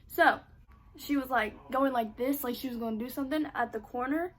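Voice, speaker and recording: A young woman telling a casual storytime vlog, animated, swearing freely and saying "like" constantly. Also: sits high, brisk, background noise. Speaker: vlogger.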